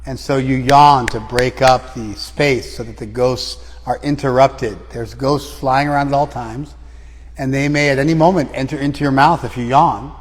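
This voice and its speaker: Male teacher, mid pitch, probing and repetitive in his questions, long reverb. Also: fairly even intonation, normal speed. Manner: probing, repeats and rephrases questions. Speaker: teacher of a scripture class. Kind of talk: lecture with questions to the class. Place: class room, some students joining by phone.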